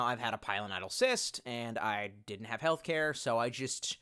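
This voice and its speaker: A man's voice: mid-range voice, bright, forceful tone. A man chatting casually on a live stream, reading out chat messages in a rambling way and swearing a lot.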